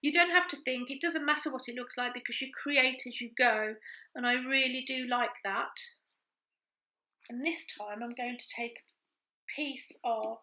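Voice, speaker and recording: A woman's voice: high-pitched, measured pace, pushed and bright, rough recording. A woman in a casual crafting chat, thinking aloud as she works. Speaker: craft vlogger.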